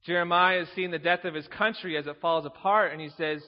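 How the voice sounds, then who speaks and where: A man with a high voice preaches an earnest teaching sermon, reading scripture and asking rhetorical questions. His voice carries a long reverb, as if from a church hall. The recording is dull and lo-fi. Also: fairly even intonation, a little fast, few pauses.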